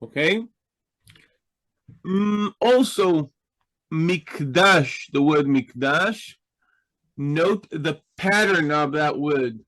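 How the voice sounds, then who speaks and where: Slow, patient man teaching a class. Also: fairly high pitch, expressive, fairly bright tone, low-quality recording. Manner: patient, explanatory, often checks in with "okay?". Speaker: Hebrew teacher. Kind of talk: online class explanation.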